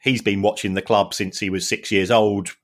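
A middle-aged man co-hosting a podcast, explaining football finance in a halting way and often repeating words as he goes. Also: on the low side, flat delivery. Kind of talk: casual podcast chat.

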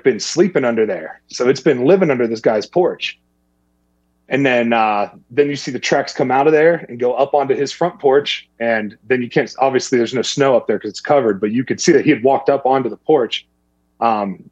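A man's voice: medium pitch, breathy edge, dry recording, muffled recording. A man telling a long outdoor story in a casual, rambling way, acting out the people he quotes. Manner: rambling, animated when quoting others. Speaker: guest.

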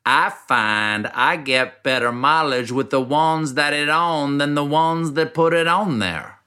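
A man's voice: on the high side, unhurried, sharp tone, smooth, voice pushed up. A man imitating an earnest local customer giving a garbled testimonial in an old tire commercial.

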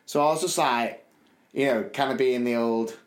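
A man, telling a self-mocking story in a chatty, animated way on a podcast. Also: mid-range voice, normal speed, echoey room. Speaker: podcast co-host. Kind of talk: casual storytelling.

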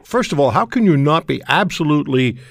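A man's voice: a little high, lively intonation, fairly quick, creaky, no echo. A man hosting a phone-in radio talk show, speaking in an indignant, emphatic, rhetorical way.

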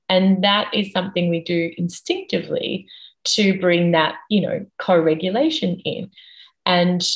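A woman guest expert speaking in an interview, explaining at a measured, patient pace and working through ideas step by step. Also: lowish voice, poor audio. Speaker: guest expert on the nervous system.

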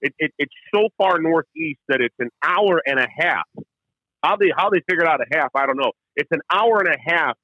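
A man co-hosting a casual hockey show, telling stories quickly with lots of stumbles and restarts. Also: on the high side, animated, no echo, dull audio. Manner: rapid storytelling with frequent restarts. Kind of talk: casual sports chat.

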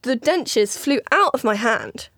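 A woman's voice: on the high side, measured pace, no room sound, studio quality. A woman comedian acting out a silly story with lots of laughter and put-on voices. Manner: animated, laughing, acts out voices. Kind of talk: comic storytelling.

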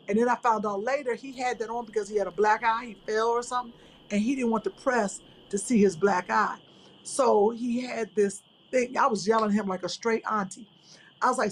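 A woman co-host telling a story as an animated rant in casual chat. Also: on the high side, brisk, slight background noise, low-quality recording.

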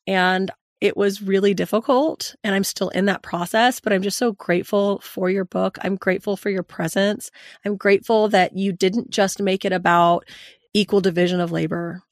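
A woman's voice: fairly low pitch, gravelly, no room sound, studio quality. A woman hosting a podcast, telling a candid and earnest personal story to her guest. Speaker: podcast host.

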